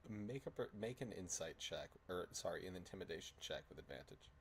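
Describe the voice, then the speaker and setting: A man's voice: low-pitched, animated, brisk, gravelly, slight background noise. A man narrating a tabletop game as dungeon master, laughing often between descriptions.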